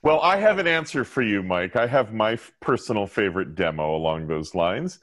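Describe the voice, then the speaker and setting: Self-deprecating man, lowish voice, dry sound. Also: lively intonation, a little fast, fairly bright tone, no echo. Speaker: podcast panelist. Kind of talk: podcast panel conversation.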